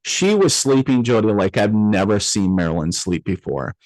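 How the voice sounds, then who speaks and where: A man with a lowish voice tells a personal story as an interview guest. He talks loosely, with fillers and restarts, and acts out the voices of the people he quotes. The sound is dry and close, with no room echo. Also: animated, normal speed, darkish tone.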